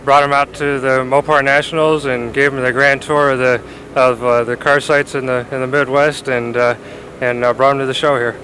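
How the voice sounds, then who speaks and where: Flat-voiced, halting man. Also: mid-range voice, slight background noise, poor audio. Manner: halting, searching for words. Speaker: local host of visitors. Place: outdoor car show.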